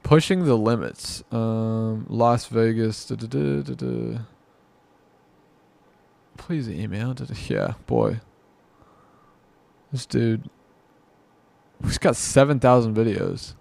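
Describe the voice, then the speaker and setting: A man's voice: mid-range voice, slow pace, vocal fry, long pauses, a little mellow, no room sound. A man giving rambling, exasperated reaction commentary, muttering to himself and mocking what he watches. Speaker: commentary vlogger.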